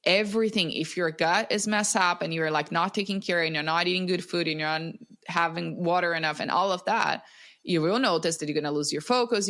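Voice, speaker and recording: Calm woman guiding breathing exercises. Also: lowish voice. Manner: calm, instructive, slows down to guide breathing. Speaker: breathwork teacher, podcast guest. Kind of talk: guest explaining techniques on a podcast. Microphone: video call.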